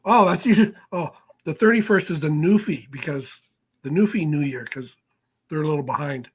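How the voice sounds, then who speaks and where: Canadian male co-host on a video call, somewhat husky, slightly high voice, quick teasing comebacks. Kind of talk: casual livestream chat.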